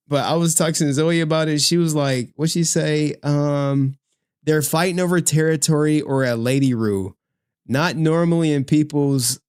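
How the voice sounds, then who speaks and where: A man's voice: medium pitch, a little mellow, no room sound, studio quality. A man hosting a casual livestream, talking to his chat in a slangy, profane way and laughing often. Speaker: streamer host.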